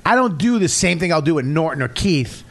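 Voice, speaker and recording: Middle-aged comic, high-ish voice, swears freely, storytelling with blunt loud outbursts. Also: male voice, expressive, a little fast. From Boston area, USA. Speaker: comedian guest. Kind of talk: casual podcast chat.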